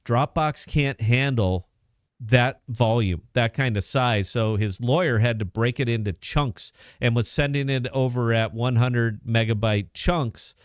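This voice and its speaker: A podcast host talks in a loose, profane, instructional way. His voice is clean and resonant at a middling pitch. The sound is dry and close. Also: unhurried, smooth, dry recording. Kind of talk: casual podcast chat, demoing an app.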